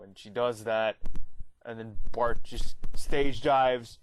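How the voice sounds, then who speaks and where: A man's voice: mid-range voice, little pitch movement, slow pace, slight background noise, rough recording. A man casually recapping a TV episode as a reviewer, rambling with many fillers and self-corrections.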